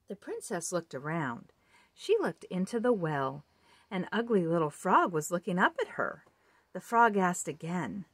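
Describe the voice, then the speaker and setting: A woman reading a children's picture book aloud in an expressive read-aloud delivery. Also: lowish voice, measured pace, husky, no echo. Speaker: storybook reader.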